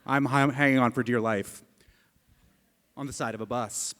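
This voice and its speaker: Booming radio host emceeing in a hall. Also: male voice, normal speed. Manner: energetic, booming, joking. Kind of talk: stage introduction at a live storytelling event. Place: stage in a hall with live audience. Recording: long hall reverb.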